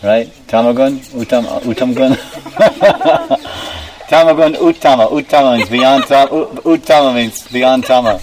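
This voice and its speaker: A man's voice: mid-range voice, brisk, few pauses, darkish tone. A man giving a devotional class, explaining terms and asking his listeners questions. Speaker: spiritual teacher. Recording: distant mic, faint background noise.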